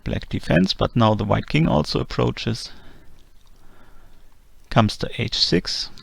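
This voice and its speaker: A man teaching a chess endgame lesson in a calm, methodical voice-over, walking through the moves one by one. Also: mid-range voice, takes it slowly, vocal fry, breathy edge, dry recording. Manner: methodical, calm move-by-move explanation. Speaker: chess instructor. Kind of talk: explanatory chess lesson narration.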